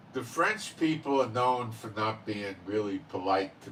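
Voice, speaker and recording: A man talks slowly and unhurriedly in a loose, rambling monologue, leaning on "you know" and "okay?". His voice sits a little low. He sounds set back from the mic, with a faint hiss of background noise. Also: a bit bright, distant mic, low-quality recording. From Israel. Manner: rambling, many fillers and tag questions. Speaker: channel host. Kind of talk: casual monologue.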